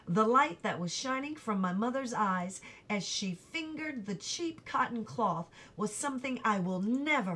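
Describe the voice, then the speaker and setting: A woman reading a chapter of a novel aloud in an even, unhurried storytelling manner. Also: mid-range voice. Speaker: audiobook reader.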